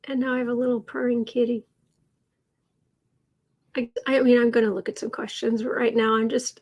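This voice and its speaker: Chatty husky-voiced woman rambling. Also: a little high, level tone, moderate pace, long pauses, darkish tone. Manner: rambling, chatty, with many fillers and restarts. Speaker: political tarot and astrology host. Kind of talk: casual livestream chat.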